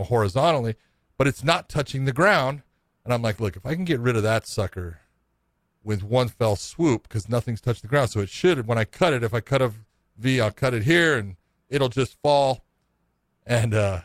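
A man's voice: mid-range voice, dry recording. Rambling middle-aged man telling a story. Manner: rambling, profane, self-mocking. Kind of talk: casual storytelling.

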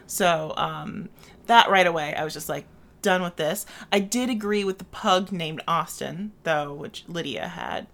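A woman's voice: on the low side, unhurried, vocal fry, a bit bright. A woman co-hosting a casual chat about a film adaptation, blunt and opinionated with dry sarcastic asides. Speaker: podcast co-host.

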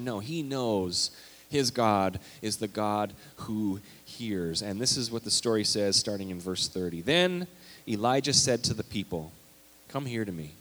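A male pastor preaching a sermon, animated and emphatic, reading scripture aloud with big swings in loudness. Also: fairly low pitch, moderate pace. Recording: long hall reverb.

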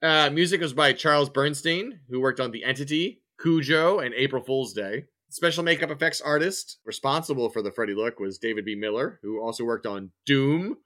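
A man's voice: mid-range voice, normal speed, hardly any pauses. A man co-hosting a horror podcast, steadily reading out film credits and laughing along with his co-hosts. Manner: steady listing, with frequent laughs. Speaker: podcast co-host. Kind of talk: reading production credits in casual chat.

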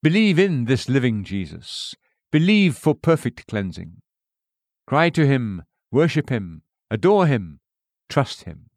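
A man reading a sermon aloud in an earnest, emphatic preaching manner, rising on key phrases and dropping to hushed endings. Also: medium pitch, very animated, takes it slowly, no room sound, clean studio sound. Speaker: sermon reader.

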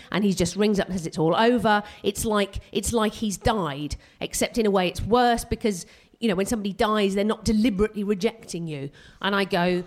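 A woman doing a live stand-up set on a theatre stage, self-mocking and excitable, tripping over her own restarts. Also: medium pitch, normal speed, hardly any pauses. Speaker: stand-up comedian.

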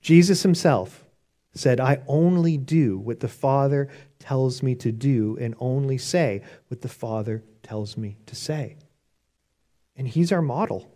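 A man's voice: medium pitch, animated, unhurried, dark tone. Earnest man preaching a sermon. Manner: earnest, conversational with restarts. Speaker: pastor.

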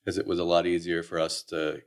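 Relaxed, low-voiced male comedian. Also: a little fast. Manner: relaxed, hesitant, many "uh"s and self-mocking laughs. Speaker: sketch comedian. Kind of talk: casual interview chat.

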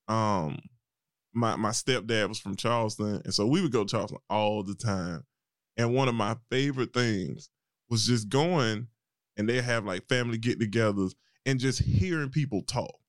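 A man's voice: on the low side, moderate pace, clear, resonant tone, no echo, clean studio sound. A man from South Carolina with a rural country twang, hosting a podcast in an enthusiastic, chatty way. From Johnston, South Carolina. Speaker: podcast host. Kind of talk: conversational interview.

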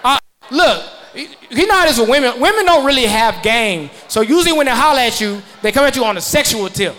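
A man in his thirties performing a stand-up comedy set, loud and profane, laughing at his own jokes as the audience laughs. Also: very high-pitched, lively intonation, brisk. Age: 30s.

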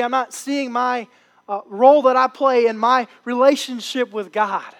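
A man's voice: very high voice, fairly even intonation, a little slow. A man preaching a sermon with impassioned, repetitive phrasing. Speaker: pastor.

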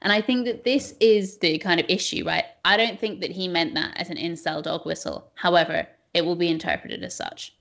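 A young woman co-hosting a podcast, telling stories in a chatty, animated way with many fillers. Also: fairly low pitch, a little fast, gravelly, few pauses. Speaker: podcast co-host. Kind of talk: casual chat.

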